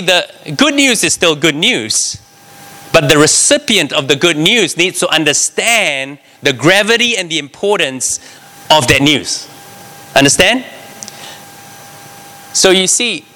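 A man's voice: fairly high pitch, slow, pauses often. A man preaching a sermon, reading scripture and explaining it, often asking the congregation "right?". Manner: animated, talks to the congregation with frequent "right?".

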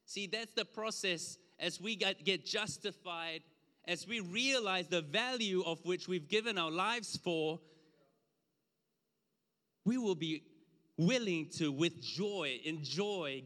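Male preacher, fairly high, bright and forceful voice, conversational and emphatic sermon delivery in a church hall with long reverb. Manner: conversational, emphatic, drops low to an aside. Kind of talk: sermon with slides.

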